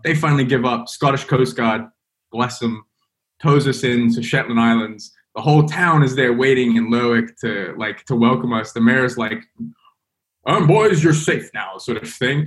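A young man, a podcast guest, telling a story casually and rambling with many fillers. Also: mid-range voice. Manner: rambling, full of "like" and "you know".

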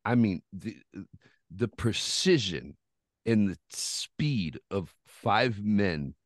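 A man with a lowish voice recounts a wild story on a podcast, swearing freely and rambling along. The sound is dry and close, with no room around it. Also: extremely slow, no room sound. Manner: profane, rambling, animated retelling. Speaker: podcast host. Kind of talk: casual storytelling chat.

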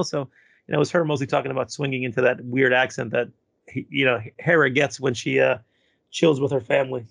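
Middle-aged guy rambling thru his podcast bit, lots of ums, gravelly and dry. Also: medium pitch, fairly even intonation, fairly quick, a bit bright, no room sound. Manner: rambling with fillers and repeated starts. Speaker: podcast co-host. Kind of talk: casual fan podcast chat.

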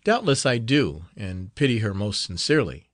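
A man's voice: fairly low pitch, very animated, moderate pace, no echo, studio quality. A man voicing a middle-aged friar in an audiobook, speaking in an earnest, fatherly, reassuring manner. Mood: questioning. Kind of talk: audiobook character reading.

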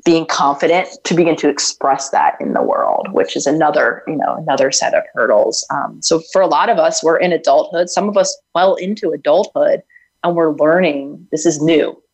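A woman's voice: sits low, animated, normal speed, creaky, darkish tone, low-quality recording. A woman speaking as an interview guest, earnest and reflective, with frequent fillers as she tells her story. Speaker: guest, self-healing author. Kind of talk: conversational interview.

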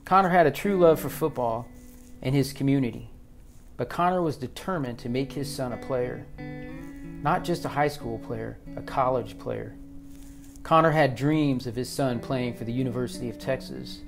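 Male audiobook narrator, steady and measured, mid-range voice, faint guitar underneath. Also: mid-range voice.

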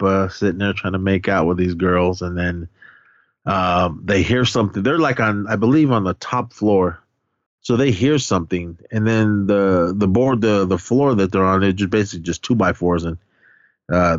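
A man's voice: sits low, fairly even intonation, moderate pace, no room sound, highs cut off. A man casually recapping a horror movie with a co-host, rambling and profane, often laughing and acting out lines.

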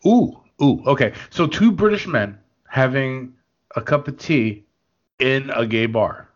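A man's voice: medium pitch, lively intonation, a little slow, muffled recording. A man co-hosting a podcast, joking and playful in casual comedy banter, fond of odd words. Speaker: podcast co-host.

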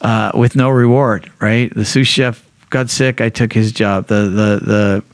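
Man, podcast guest, candid storytelling, blunt, profane, restarts sentences, voices quotes with big pitch leaps, dry close sound. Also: fairly even intonation, a little slow, no room sound.

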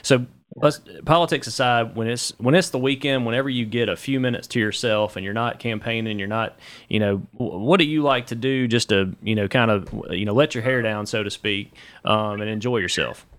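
A man's voice: mid-range voice, brisk, fairly bright tone. A man co-hosting a podcast, asking rambling questions full of fillers. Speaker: podcast co-host. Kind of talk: casual interview.

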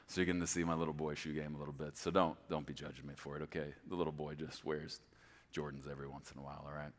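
A male pastor preaching a sermon, emphatic and lively, pushing ahead quickly and then slowing right down to stress a point, often checking in with the congregation. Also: a bass voice, slight background noise. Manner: animated, emphatic, speeds up and slows down for stress; checks in with the congregation, repeating "okay?".

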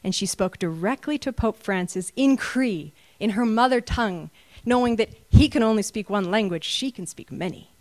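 A woman's voice: medium pitch, animated, normal speed, a little mellow, dry recording. Earnest woman preaching a sermon. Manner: earnest, builds to emphatic peaks. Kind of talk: sermon with slides.

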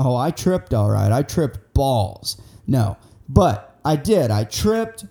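A young man tells a story in a loose, rambling way, full of swearing, with a mellow, darker tone. His voice sits a bit higher than most men's. He acts out the lines of the people in the story as he goes. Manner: rambling, profane, excitable, acts out quotes. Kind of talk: casual storytelling.

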